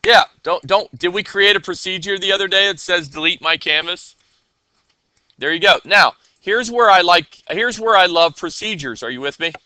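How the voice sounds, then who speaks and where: A man with a very bright, clear voice teaches a coding class in a casual way. He keeps checking that the students are with him. The sound is dry and close. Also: sits high, moderate pace, dry recording.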